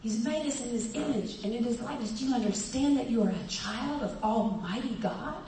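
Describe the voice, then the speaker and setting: A woman pastor preaching a sermon, telling the story with animated acted-out voices and frequent laughter. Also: on the high side, brisk, slight background noise. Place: church hall with a congregation. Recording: echoey hall, voice from far off.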